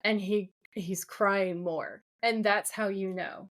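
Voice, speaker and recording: A woman's voice: mid-range voice, slow. A woman co-hosting a podcast, retelling a TV episode in casual chat full of fillers. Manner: animated, filler-heavy retelling. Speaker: podcast co-host.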